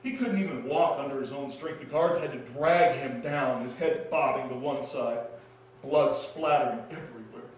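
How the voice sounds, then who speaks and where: A man's voice: medium pitch, slight background noise, close to an everyday voice. A man playing Barabbas, haunted ex-prisoner. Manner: intense, halting, heavy pauses between phrases. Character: freed male prisoner, shaken and awestruck. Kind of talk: dramatic stage monologue. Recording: echoey hall, mic at a distance.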